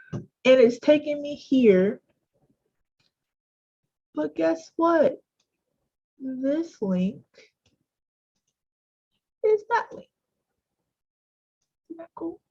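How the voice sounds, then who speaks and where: A woman trainer takes her time through a weekly software tutorial, circling back and correcting herself as she goes. Her speech is slow and loose. The sound is dull and lo-fi, like a laptop mic on a call. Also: sits high, very animated, husky. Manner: chatty, self-correcting, many fillers. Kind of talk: screen-share tutorial.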